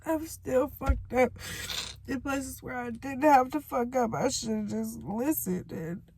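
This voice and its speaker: A young woman giving a candid personal confession, halting and emotional, with sighs and blunt swearing. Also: high voice, steady tone, darkish tone, a little hiss or hum. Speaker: vlogger sharing a personal testimony.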